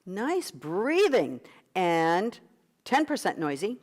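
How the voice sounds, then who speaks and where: A woman's voice: mid-range voice, big pitch swings, slow pace. A middle-aged woman leading an online vocal workshop as a coach, guiding breathing exercises in an encouraging manner. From United States.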